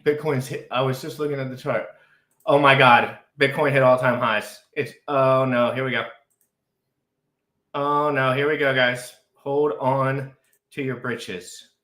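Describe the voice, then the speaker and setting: A man hosting a live crypto stream, talking frantically, overexcited, with shouts and repeated phrases. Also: medium pitch, roomy sound. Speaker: crypto livestream host. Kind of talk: excitable live stream chat.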